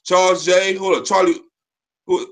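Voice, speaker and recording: A man's voice: sits high, flat delivery, normal speed. A man hosting a casual livestream, reading viewer comments aloud and laughing often. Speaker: livestream host.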